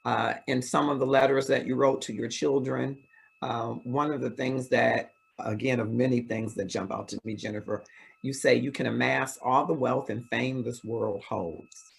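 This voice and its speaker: A man hosting an interview, asking measured questions and reading passages from the guest's book. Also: mid-range voice, steady tone, gravelly, slightly rough, rough recording. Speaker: interview host.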